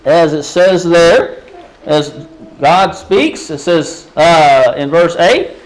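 High-voiced man preaching a sermon. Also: animated, slow, poor audio. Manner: conversational, asks the congregation rhetorical questions; frequent restarts and fillers.

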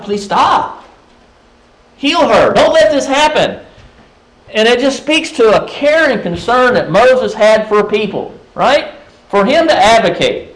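Over poor audio, a high-voiced man delivers a conversational sermon. He keeps putting rhetorical questions to the congregation, restarting often and filling pauses.

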